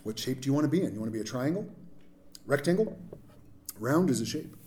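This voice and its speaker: A man's voice: medium pitch, quick pace, slight background noise. A man preaching a sermon as pastor, mixing jokes and asides with scripture. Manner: jokey, animated preaching with asides.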